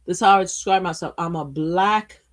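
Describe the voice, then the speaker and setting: A woman from Brooklyn hosting a casual political livestream, blunt and profane, swinging between loud outbursts and quiet asides. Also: on the low side, brisk. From Brooklyn, USA. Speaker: livestream host. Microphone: streaming mic.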